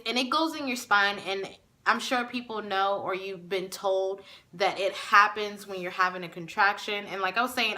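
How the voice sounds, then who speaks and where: Young woman, bright clear voice, casual vlog storytelling, chatty with fillers, emotional. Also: mid-range voice. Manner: chatty, with many fillers and restarts; emotional, near tears. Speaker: vlogger. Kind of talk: casual personal story to camera.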